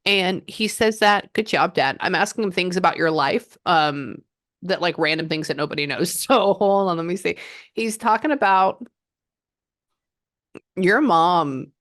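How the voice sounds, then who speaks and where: Low-voiced woman relaying a medium reading. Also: a little slow, no room sound, clean studio sound. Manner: animated, relays messages in quotes, frequent "hold on". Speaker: psychic medium.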